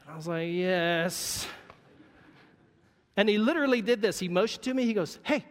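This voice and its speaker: A man preaching a sermon, telling a personal story in a conversational, wry way and dropping to a quiet voice for emphasis. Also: high-pitched, expressive, rapid-fire, big-room sound.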